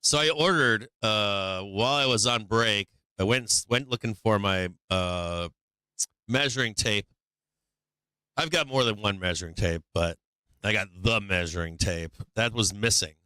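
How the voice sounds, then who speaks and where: A man's voice: fairly low pitch, measured pace, sharp tone, clean tone, dry recording. A middle-aged man hosting a stock market livestream, rambling casually with lots of swearing and "like" fillers. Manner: rambling and profane, heavy on "like" fillers.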